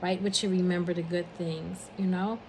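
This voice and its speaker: An older woman speaking earnestly and warmly, encouraging listeners and counting off her advice point by point. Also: on the low side, flat delivery, normal speed, slight background noise, low-quality recording. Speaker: speaker giving a message of encouragement. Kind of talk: heartfelt spoken message.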